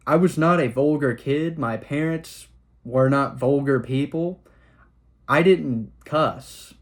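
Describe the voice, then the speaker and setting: A young man from Oklahoma City hosting a podcast, telling rambling, self-deprecating personal stories in a casual monologue with sudden fast bursts. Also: medium pitch. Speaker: podcast host.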